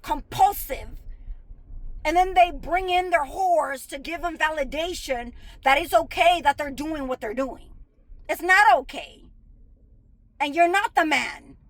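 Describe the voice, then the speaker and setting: A woman's voice: extremely high pitch, dry recording, rough recording. A woman venting in an angry, profane monologue, bitter and sarcastic, hammering her points with emphasis.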